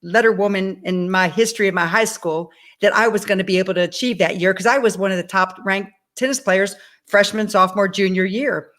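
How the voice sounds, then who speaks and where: A woman in her sixties, a guest on an interview show, telling her own story in a lively way, acting out the dialogue and speaking directly to the audience. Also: mid-range voice, brisk. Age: 60s. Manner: animated, acts out dialogue in her stories. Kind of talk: personal storytelling.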